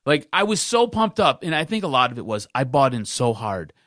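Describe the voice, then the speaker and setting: A man's voice: medium pitch, very animated, fairly quick, a bit bright, dry recording, studio quality. A man hosting a sports podcast, ranting in casual talk and repeating himself for emphasis.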